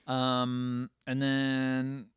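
A man's voice: medium pitch, completely flat delivery, very slow, clean tone, no room sound, clean studio sound. A man co-hosting a podcast who retells a movie's scenes in casual chat and briefly acts out the characters' lines in shifting voices. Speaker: podcast co-host.

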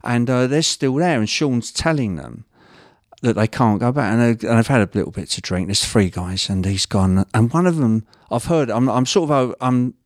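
Brief: middle-aged male comic and actor, mid-pitch, close and dry, meandering anecdote. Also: moderate pace, no room sound. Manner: rambling, full of restarts, laughs through the story. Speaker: guest, actor and stand-up comedian. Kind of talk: casual chat, telling a story.

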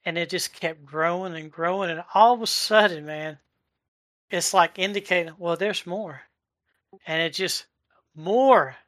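A man in his forties giving a heartfelt personal testimony, halting and searching for words as he goes. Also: high-pitched, a bit bright, dry recording, clean studio sound. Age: 40s. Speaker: delivery driver sharing a testimony. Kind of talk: emotional personal testimony in a live chat.

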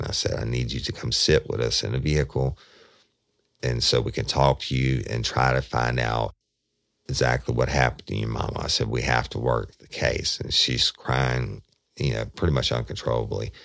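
A man's voice: a bass voice, creaky, a bit bright, no room sound, clean studio sound. A middle-aged man, a former detective, telling a case in a folksy, casual way, often quoting himself and talking straight to his listeners. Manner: folksy, addresses listeners as y'all, quotes himself at length. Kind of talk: casual spoken storytelling.

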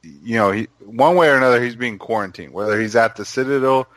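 A man's voice: mid-range voice, fast talker, a bit bright, no echo. Man thinking aloud, hedging with fillers. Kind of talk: casual chat about a TV trailer.

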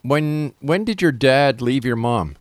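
A man's voice: mid-range voice, lively intonation, moderate pace, loud music behind the voice. A male radio host interviews a guest. His voice sits mid-range. He prompts with short questions.

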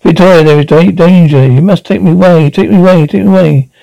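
A man voicing a young woman in a trance who repeats the same plea in a flat chant. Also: on the high side, quick pace, vocal fry, dry recording, rough recording. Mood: entranced.

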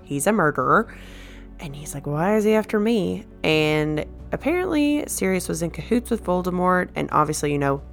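A woman's voice: sits low, vocal fry. A woman giving a chatty, sarcastic recap of a movie, briefly acting out the characters' lines. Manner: chatty, sarcastic, quick quoted voices.

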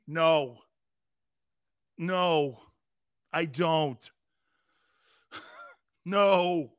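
A middle-aged man hosting a sports talk radio show, loud and joking, laughing often as he rambles. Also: a little high, expressive, slow pace, long pauses, dry recording, clean studio sound.

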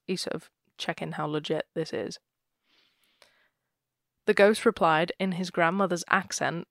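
With a gravelly, low-leaning voice, a woman co-hosting a podcast retells a ghost story at a measured pace in a steady tone. Her chat is casual and she laughs often, captured in a dry, clean studio recording.

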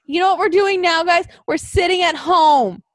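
High-voiced swearing woman. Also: moderate pace, no echo, clean studio sound. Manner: profane, venting, swings between mumbling and loud outbursts. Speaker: podcast co-host. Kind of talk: casual chat.

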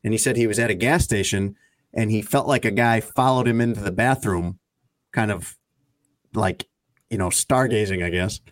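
A man's voice: fairly low pitch, normal speed. A man hosting a radio talk show, rambling and teasing his co-hosts in casual chat. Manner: rambling, teasing, meandering asides.

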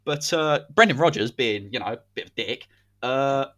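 A man's voice: medium pitch, expressive, normal speed, sharp tone. A man, hosting a podcast and telling a football story in a casual, dramatic way. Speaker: podcast host.

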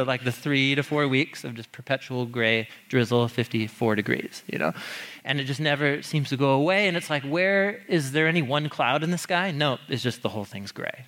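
A man teaching a sermon on the Psalms in a conversational, animated way, stressing key points and laughing now and then. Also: medium pitch.

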